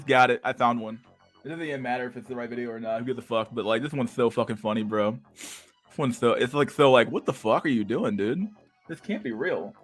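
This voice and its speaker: A young man hosting a livestream, ranting casually with heavy swearing and loud bursts of laughter. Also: mid-range voice. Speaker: livestream host.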